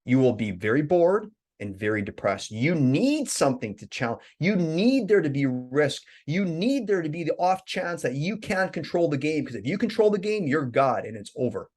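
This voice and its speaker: Man, life coach, animated storytelling, lively voice, podcast guest. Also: on the high side, moderate pace, few pauses.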